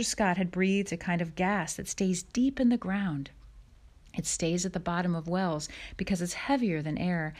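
A woman narrating an audiobook chapter in a measured, soft storytelling manner. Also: fairly low pitch. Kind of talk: audiobook reading.

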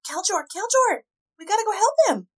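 A woman voicing an eager, excitable female halfling cleric. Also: very high voice, fairly quick, voice pushed up. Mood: urgent. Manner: excited, urgent.

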